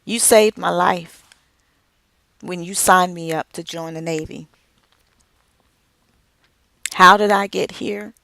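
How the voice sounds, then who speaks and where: Middle-aged woman speaker, emphatic, lowish pitch, unhurried, dry recording. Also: fairly even intonation, vocal fry, a bit bright, no room sound. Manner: slow, emphatic delivery with dramatic pauses. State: tearful at moments. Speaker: author and speaker. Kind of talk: inspirational speech.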